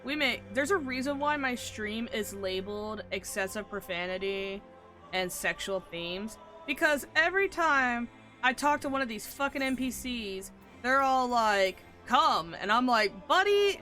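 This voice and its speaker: A woman streaming a game live, chatting casually and excitably, muttering to herself and then bursting out loudly, swearing freely. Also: a little high, measured pace, faint music behind.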